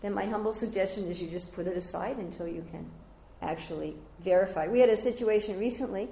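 Older woman, devotional class teacher, animated storyteller, mid-pitched, recorded in a roomy space. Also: fast talker, vocal fry. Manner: animated storyteller, jumping high when quoting others. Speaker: teacher giving a scripture class. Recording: roomy echoey room.

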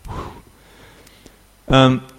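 Man, new york accent, slow, halting class talk, lots of ums. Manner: halting, many fillers and restarts. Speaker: spiritual teacher.

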